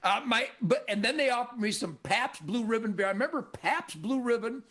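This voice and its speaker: An older man from Michigan hosting a show, telling stories in a cocky, animated way and acting out the voices of people he quotes. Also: extremely high pitch, fairly quick. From Michigan, USA. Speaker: show host. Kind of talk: casual storytelling conversation.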